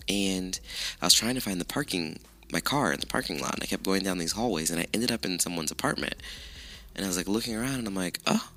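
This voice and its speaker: A man hosting his own podcast, chatting casually with lots of swearing and self-mockery, his voice rough with morning allergies. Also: low voice, pushed and bright. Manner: chatty, profane, self-mocking. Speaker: podcast host. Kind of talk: casual solo podcast chat.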